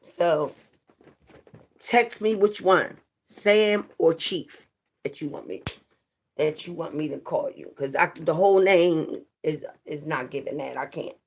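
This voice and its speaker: Slow-talking woman livestreaming. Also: low-pitched. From New Jersey. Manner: chatty, playful, greeting viewers by name. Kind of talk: casual live-stream chat.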